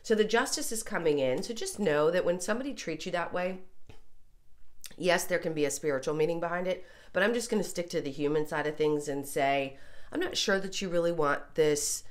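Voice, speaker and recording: A woman with a low, stuffy voice, congested from a recent illness, gives a casual tarot reading at a brisk pace. She's chatty and loose, dropping small apologies and ums as she goes.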